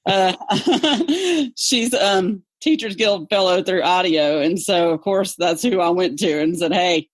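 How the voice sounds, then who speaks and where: A woman with a Southern accent, an English teacher chatting in an interview, talkative and quick to laugh. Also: fairly low pitch, dry recording. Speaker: English teacher, podcast co-host guest. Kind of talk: casual interview chat.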